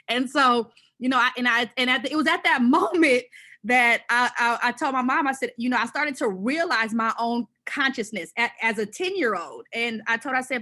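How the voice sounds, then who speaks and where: A woman from Southern California, a panelist telling a personal story in an animated, conversational way with many fillers and restarts. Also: a little high, a little fast.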